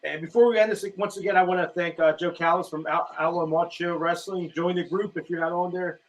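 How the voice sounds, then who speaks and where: A man's voice: high-pitched, fairly even intonation, fairly quick. A man co-hosting an interview, thanking the guest and plugging merchandise in a friendly way. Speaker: co-host. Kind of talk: casual interview wrap-up.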